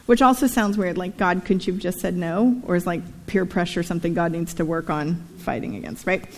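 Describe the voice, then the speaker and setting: A woman's voice: lowish voice, steady tone, a little fast, big-room sound. A woman pastor preaching a sermon in a synagogue, telling a story with playful asides and reading scripture aloud.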